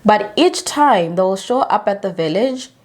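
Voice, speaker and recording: A woman tells a true story in a loose, conversational way, leaning hard on key words and tossing in indignant asides. Her voice sits at an ordinary middle pitch for a woman. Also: expressive, moderate pace, a little mellow. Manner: casual, emphatic, indignant asides. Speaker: video host. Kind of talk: true-story narration to camera.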